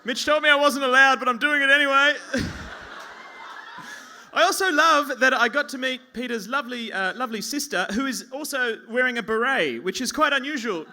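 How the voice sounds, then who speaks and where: An Australian man performing stand-up on a pub stage, speaking into a mic at a lectern. His voice sits very high for a man and sounds sharp and bright. He rambles in a self-mocking way and trips over his own restarts. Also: a little fast. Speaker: stand-up comedian. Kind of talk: stand-up comedy set.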